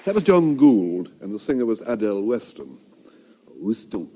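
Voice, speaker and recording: A man's voice: lowish voice, sing-song, moderate pace, very noisy. A middle-aged English man hosting a scripted radio comedy show with a dry, wry delivery. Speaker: host. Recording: broadcast radio studio.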